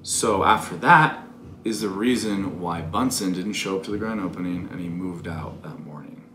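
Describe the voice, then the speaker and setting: A man's voice: low-pitched, moderate pace, pushed and bright. A man in his twenties telling a story in casual, profane, candid talk. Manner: profane, candid, self-critical. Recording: echoey room with background noise.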